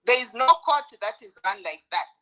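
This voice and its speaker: A woman's voice: fairly high pitch, expressive, normal speed, pushed and bright, poor audio. A woman from South Africa on a podcast panel, speaking with heated, emphatic indignation. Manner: indignant, emphatic, stacks up complaints. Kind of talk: heated casual commentary.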